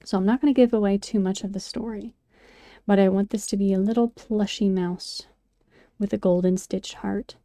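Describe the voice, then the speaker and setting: A woman's voice: medium pitch, steady tone, moderate pace, mellow, no echo, studio quality. A woman vlogger chatting casually and rambling, with many fillers and restarts. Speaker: craft and poetry vlogger. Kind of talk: casual chat while sculpting.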